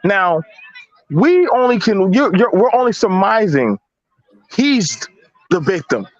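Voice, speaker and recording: A man's voice: high voice, sing-song, slow, no echo. A man, arguing bluntly and emphatically in a heated casual debate, with slangy talk and repeated words. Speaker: panelist. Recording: dull lo-fi audio.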